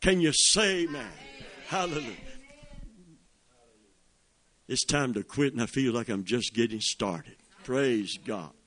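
A middle-aged man preaching a sermon, reading scripture with drawn-out emphasis and rising fervor. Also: mid-range voice, expressive, a bit bright. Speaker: pastor.

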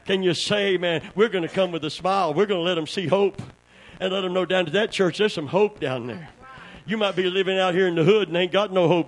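A male pastor, preaching a sermon in a call-and-response style that swings from quiet, low talk to shouted exclamations. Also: a little fast, poor audio.

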